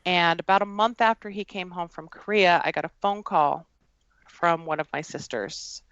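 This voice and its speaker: A woman with a fairly low voice, sharing a personal story on a podcast. She speaks earnestly and haltingly, with plenty of fillers. The recording is dry and a little muffled. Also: fairly bright tone, clean tone, dry recording. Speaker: guest.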